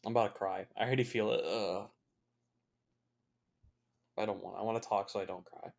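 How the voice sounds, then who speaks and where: A man's voice: on the low side, fairly even intonation, a little fast, vocal fry. A young man talking through a film as a casual watch-along commentary, swearing freely and reacting with open emotion. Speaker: movie reviewer.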